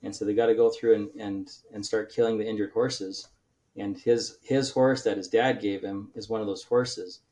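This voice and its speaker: Low-voiced man, halting and rambling. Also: fairly even intonation, a little mellow. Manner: rambling retelling with many restarts and fillers. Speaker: author guest. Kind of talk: casual podcast interview.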